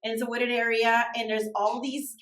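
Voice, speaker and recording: A woman's voice: fairly high pitch, flat delivery, normal speed, a bit bright. Rambling storyteller woman in an echoey room. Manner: rambling, heavy use of "like". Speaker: podcast team member telling a story. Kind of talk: casual chat storytelling.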